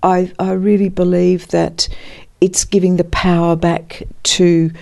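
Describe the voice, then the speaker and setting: A woman's voice: on the low side, level tone, a little slow, vocal fry, dark tone. A woman, a counselor and former midwife, talking reflectively in an interview, searching for words with many restarts.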